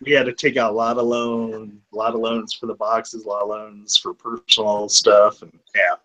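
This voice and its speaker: Bright-voiced man swapping horror stories. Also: on the low side, flat delivery, moderate pace, low-quality recording. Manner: loose, profane storytelling with acted-out quotes. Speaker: podcast host. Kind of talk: casual chat.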